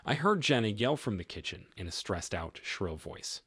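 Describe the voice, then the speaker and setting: A man's voice: fairly low pitch, sing-song, moderate pace, fairly bright tone, breathy edge, no echo, clean studio sound. A man narrating a first-person story in a plain, matter-of-fact way.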